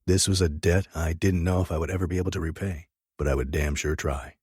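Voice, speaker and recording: A man's voice: low voice, steady tone, fast talker, darkish tone, husky, no echo, clean studio sound. A man narrating a first-person audiobook with an intense, dramatic reading.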